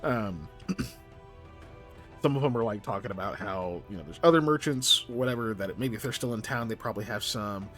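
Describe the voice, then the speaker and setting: A man's voice: fairly low pitch, animated, normal speed, fairly bright tone, soft background music. A man as game master, narrating a tabletop game in a casual, rambling way full of fillers.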